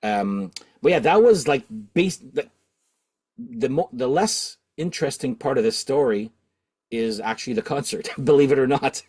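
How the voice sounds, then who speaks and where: A man's voice: mid-range voice, lively intonation, moderate pace, darkish tone, breathy edge. Canadian man rambling through a story. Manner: rambling, many fillers and restarts. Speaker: vinyl channel host. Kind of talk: casual storytelling.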